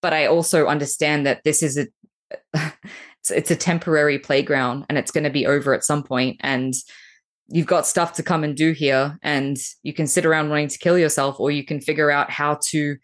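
A woman with a notably low voice talks as a podcast guest. She is blunt and emphatic, and she swears without hesitation. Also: steady tone, moderate pace. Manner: frank, emphatic, swears freely. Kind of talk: candid spiritual conversation.

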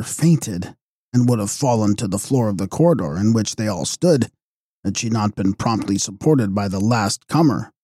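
Male narrator, measured reading, mellow tone, dry close recording. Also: lowish voice, dry recording. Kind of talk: audiobook narration of a gothic novel.

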